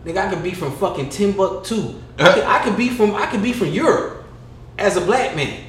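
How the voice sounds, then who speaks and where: A young man co-hosting a casual podcast, telling stories in an animated, profane way with loud bursts. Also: sits high, a little fast. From California. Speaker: podcast co-host. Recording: echoey room, faint background noise.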